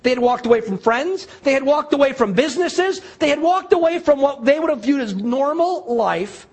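A man preaching a sermon, telling a story with animated delivery and acting out the quoted dialogue. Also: very high-pitched, moderate pace.

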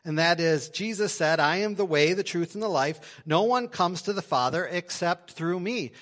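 A man preaching a sermon to his congregation in a church, swinging between loud emphasis and quiet asides. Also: sits high, expressive, moderate pace, hardly any pauses. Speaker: pastor. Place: church sanctuary.

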